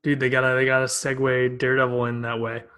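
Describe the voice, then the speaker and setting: Young man, laid-back podcast co-host, casual chat, mid-pitched voice. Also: monotone, quick pace, fairly bright tone, smooth. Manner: laid-back, starts lines with "dude".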